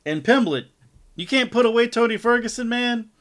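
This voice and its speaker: A man's voice: extremely high pitch, expressive, normal speed, fairly bright tone, slight background noise. A man co-hosting a podcast, laid-back, laughing and chiming in during casual chat. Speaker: podcast co-host.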